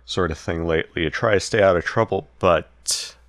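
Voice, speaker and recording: A man voicing a slow, mumbling rural man who hunts small game in a comedy bit. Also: sits low, a bit bright, dry recording, clean studio sound, pitched below the performer's own voice. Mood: wary.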